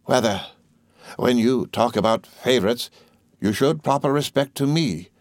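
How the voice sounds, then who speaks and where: A man voicing a pompous, angry older male headmaster who talks slowly and blusters. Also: mid-range voice, no room sound, clean studio sound, voice pushed up, natural voice. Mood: blustering.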